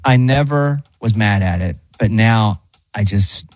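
A male radio host with a lowish voice, chatting casually in a dry studio. He rambles through personal stories with a self-deprecating touch. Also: unhurried, dry recording. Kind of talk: casual on-air chat.

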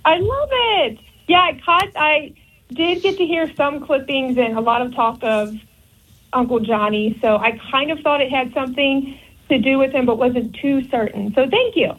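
A woman's voice: sits high, normal speed, fairly bright tone. A woman calling in to a radio show, polite and eager to ask her questions. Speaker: caller. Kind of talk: call-in radio chat. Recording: tinny phone line.

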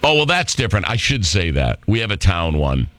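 A man's voice: deep voice, very animated, a little fast, a bit bright, no room sound. A middle-aged man hosting a talk radio show, brash, sarcastic and rambling. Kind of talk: opinionated talk radio monologue. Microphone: studio microphone.

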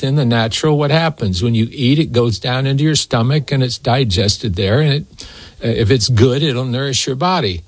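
A male preacher delivering a folksy, emphatic sermon at a middle pitch. His voice is close and dry, with no room sound around it. He leans into key phrases and slows down to drive them home. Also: slightly rough, dry recording. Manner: folksy, emphatic, talks to co-host by name.

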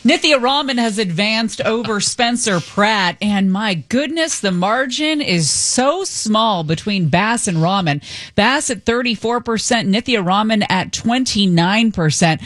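A radio co-host reading news headlines in a brisk style and adding opinionated commentary. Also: mid-range voice, lively intonation, fairly bright tone, no room sound. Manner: brisk newsreader delivery, then opinionated musing. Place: radio studio. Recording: dry studio mic.

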